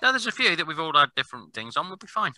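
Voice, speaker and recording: A man's voice: on the high side, rapid-fire, over a noisy crowd, rough recording. A man co-hosting a wrestling podcast, laughing often and prompting the others for their picks. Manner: giggly, lively, asks the others for picks. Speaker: podcast co-host. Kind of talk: casual wrestling chat.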